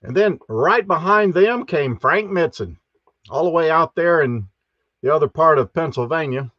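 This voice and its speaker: A male host greets each viewer in a folksy way on a live stream, his voice sitting a little high. He sounds animated at a moderate pace, and the lo-fi home recording is dry, slightly dull and echo-free.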